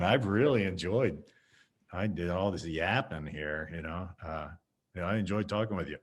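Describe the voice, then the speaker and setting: A man's voice: low-pitched, moderate pace. A man, a martial arts teacher, chatting as a guest on a video call and acting out little scenes as he talks. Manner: animated storytelling, acting out scenes. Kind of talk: casual video-call chat.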